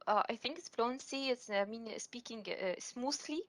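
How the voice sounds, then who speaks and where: A woman's voice: fairly high pitch, normal speed, a bit bright, dry recording. A woman taking part in a training class, answering hesitantly and searching for words with restarts. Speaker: training participant.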